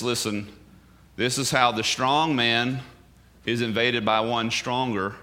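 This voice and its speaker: A man teaching a sermon in a lively, casual way, rising loud and dropping soft, with off-hand asides. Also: medium pitch. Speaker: bible teacher.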